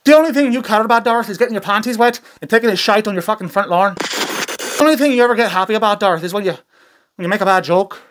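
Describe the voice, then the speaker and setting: A man's voice: high-pitched, fast, noisy background, natural voice. A man voicing an angry Scottish man who rants crudely at his friend in a fake Scottish accent. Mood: scolding. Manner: ranting, crude, insulting.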